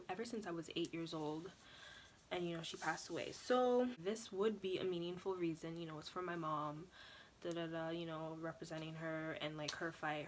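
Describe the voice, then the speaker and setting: A young woman talks straight to the camera in a casual storytelling vlog. She is chatty and animated, with lots of "like" and "you know", and her voice sits a little low. A faint hiss of background noise sits under her. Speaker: vlogger.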